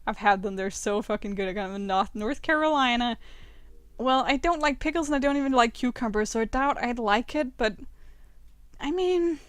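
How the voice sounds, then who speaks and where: A young woman commenting on a dating game with loud, swearing, laughing outbursts. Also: on the high side, moderate pace, smooth, no room sound. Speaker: game streamer. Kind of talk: let's play commentary.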